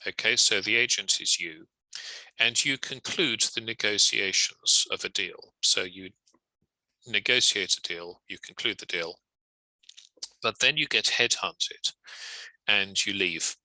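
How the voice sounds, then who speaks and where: A male legal trainer with a low, gravelly voice that still cuts through sharp and bright. He explains in a measured, wry, conversational manner, recorded close and dry. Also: no room sound, low-quality recording. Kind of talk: recorded lecture.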